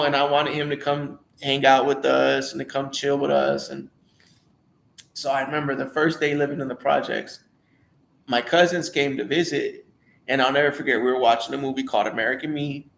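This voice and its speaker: A man's voice: medium pitch, steady tone, normal speed, gravelly, a bit bright, reverberant, a little hiss or hum. A young man candidly telling a rambling personal story, restarting and acting out quoted voices.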